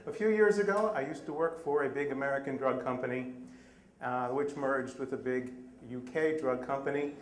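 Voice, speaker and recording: A middle-aged man telling a personal story on a live stage, animated and self-deprecating. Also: medium pitch, normal speed, slight background noise. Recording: echoey live room.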